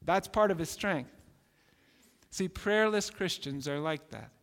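A man's voice: fairly high pitch, lively intonation, measured pace, fairly bright tone, in a large hall. A man preaching a sermon as a pastor, telling a story in an earnest way that repeats itself and often restarts.

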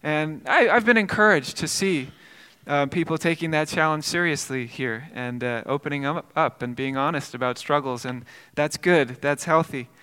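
A man's voice: a little high, normal speed, pushed and bright, clean tone, big-room sound. A male pastor preaching a sermon, telling a story earnestly with frequent repeated words and restarts.

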